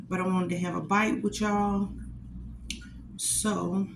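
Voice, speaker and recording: A woman chatting casually with her viewers from home as a cooking vlogger, addressing them directly and warmly as a group. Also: medium pitch, flat delivery, takes it slowly, creaky, roomy sound, very noisy. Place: at home while eating a meal.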